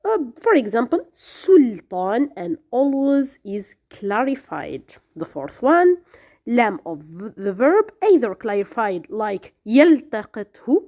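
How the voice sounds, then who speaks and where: This tajweed teacher is a woman whose voice is lively and fairly high-pitched, and she speaks slowly. Her recorded lesson explains how letters are pronounced, and she sounds them out hesitantly, restarting often and using plenty of fillers.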